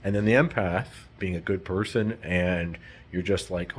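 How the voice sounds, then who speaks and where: A low-voiced man talks straight to his audience in a loose, rambling vlog monologue. He is emphatic and swears often. There is a faint hiss in the background. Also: moderate pace. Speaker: vlogger. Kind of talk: casual monologue to camera.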